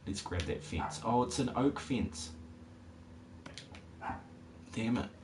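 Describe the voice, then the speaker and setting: A man's voice: mid-range voice, animated, slow pace. A man who is a parent, streaming a game and rambling casually with jokey asides to his chat. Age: adult parent. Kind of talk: casual live-stream commentary. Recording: noisy background hiss.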